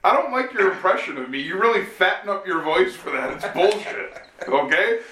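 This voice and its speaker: A man co-hosting a comedy podcast with a bright, slightly high voice, tossing off quick retorts. He sits back from the mic in an echoey room. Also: lively intonation, far from the mic. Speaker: podcast co-host. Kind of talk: casual comedic podcast chat.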